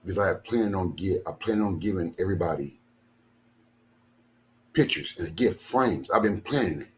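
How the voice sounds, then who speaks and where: Here the voice is deep and the pace moderate. It belongs to an older man in ministry leadership, tired after no sleep, who rants angrily in his home studio, going over his grievances repetitively and with emphasis.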